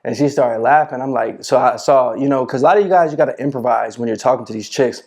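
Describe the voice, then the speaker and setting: A man's voice: medium pitch, fast, creaky, darkish tone. A man giving casual dating advice to camera, swaggering and full of slang, often asking "you know what I'm saying".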